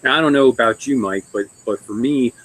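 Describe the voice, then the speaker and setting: A man's voice: mid-range voice, fairly quick, a little hiss or hum, rough recording. A man co-hosting a casual chat over a video call, easygoing and rambling, laughing often. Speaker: co-host.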